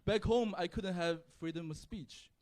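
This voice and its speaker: A young man from China doing stand-up in a comedy club, his voice sitting a little high for a man. He delivers his set in a wry, deadpan way. A faint room ambience hums behind him. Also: moderate pace, slight background noise. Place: comedy club with live audience.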